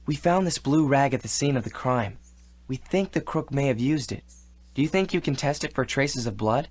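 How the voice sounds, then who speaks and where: A man's voice: mid-range voice, expressive, moderate pace, lightly acted. A man voicing a polite, earnest teenage boy detective in a video game.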